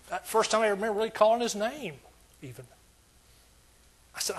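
An older man delivers a sermon with a husky, slightly breathy voice pitched a little above the usual for men. He preaches in an emphatic, repetitive cadence, driving each point home. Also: lively intonation, normal speed, long pauses, bright, forceful tone. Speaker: pastor.

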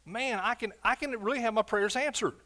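A man preaching a fervent sermon as pastor, swinging from loud shouts to quiet, low asides. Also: brisk, a little hiss or hum.

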